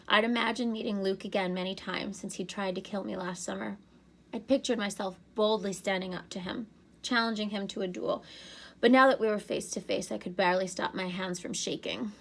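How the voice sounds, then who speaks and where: A woman's voice: medium pitch, fairly quick, gravelly. Woman teacher reading a novel aloud. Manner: expressive storybook narration.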